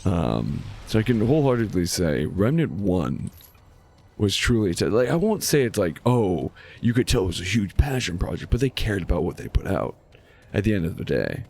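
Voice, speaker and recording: A sarcastic man rambles through a live game stream, his low voice rough with fry and swinging widely in pitch. Game music plays clearly underneath. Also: big pitch swings, moderate pace, darkish tone. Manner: sarcastic, rambling with many restarts. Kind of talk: casual gaming stream chat.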